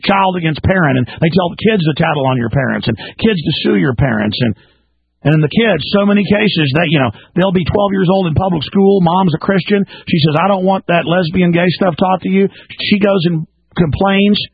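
A man's voice: sits high, animated, brisk, gravelly, breathy edge, no room sound, dull audio. A man hosting a talk radio show, delivering an emphatic, ranting monologue to a caller.

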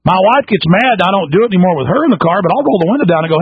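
A man's voice: high-pitched, lively intonation, racing, breathy edge, no room sound. A man hosting a talk radio show, ranting in an emphatic way, with stumbling restarts and strings of rhetorical questions. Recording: slightly muffled radio broadcast.

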